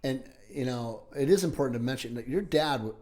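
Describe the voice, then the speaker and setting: A man's voice: medium pitch, brisk, mellow. A man hosting a podcast, interviewing a guest in casual chat with enthusiastic short reactions. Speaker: podcast host.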